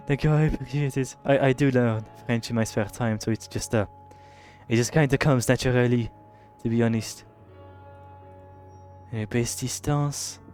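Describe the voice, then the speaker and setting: A young British man commenting casually on a game he is playing, swearing and reacting loudly to what happens on screen. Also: mid-range voice. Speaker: streamer.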